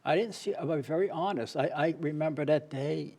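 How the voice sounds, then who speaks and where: A man's voice: fairly high pitch, fairly quick, creaky, mellow. A man being interviewed, telling his own story candidly and earnestly, often restarting his phrases. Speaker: interview guest, playwright and author.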